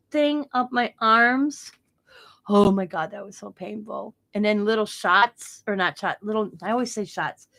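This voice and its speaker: A woman in her fifties, a crafting channel host, casually telling a story to her viewers, laughing often and acting out what others said. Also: mid-range voice. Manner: animated, often laughing, acts out quoted dialogue.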